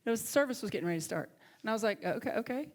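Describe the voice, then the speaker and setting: A woman minister with a Southern accent, preaching a sermon and telling a personal story with lively swings from loud to hushed. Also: medium pitch, racing. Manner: animated, swings from loud to hushed near-whisper. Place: church sanctuary.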